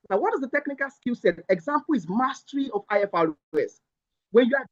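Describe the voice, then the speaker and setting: A speaker gives a motivational presentation to accountants, leaning hard on repeated phrases to drive each point home. The voice sits at a middle pitch and comes through a dull, slightly muffled recording. The sound is dry, with no room echo. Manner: emphatic, repeats key lines for emphasis.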